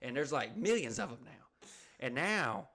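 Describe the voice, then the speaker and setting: A man tells a long, profanity-laced story in loose casual chat. His voice sits at an ordinary middle pitch. He rambles, swears constantly and slips into quick impressions of the people in the anecdote. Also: big pitch swings, sharp tone. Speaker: podcast co-host.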